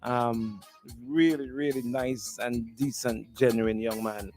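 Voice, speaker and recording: A man's voice: mid-range voice, fairly even intonation, takes it slowly, a little mellow, faint music behind. A man, hosting a morning radio show and telling stories in a teasing way, repeating himself and laughing often. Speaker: radio host. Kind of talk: animated morning-show storytelling.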